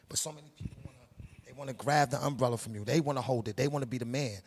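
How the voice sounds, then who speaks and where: Gravelly New York man, streetwise and preachy. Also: medium pitch, fairly even intonation, very fast. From Harlem, New York. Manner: streetwise, preachy, emphatic with slang. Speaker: production company head. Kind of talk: interview, casual monologue.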